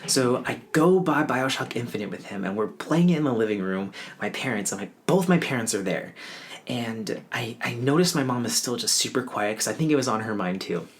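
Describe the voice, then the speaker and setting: A man's voice: medium pitch, expressive, a little fast. A man in his twenties telling a personal story in a casual, wry, offhand way, mocking himself now and then. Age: 20s. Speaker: vlogger.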